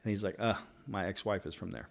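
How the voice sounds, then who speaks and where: A middle-aged barber from Louisville speaks with a Kentucky accent in a fairly low voice. He is a rambling, lively storyteller in casual conversation, piling up anecdotes. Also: quick pace, creaky. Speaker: barber and interviewer. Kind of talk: casual chat.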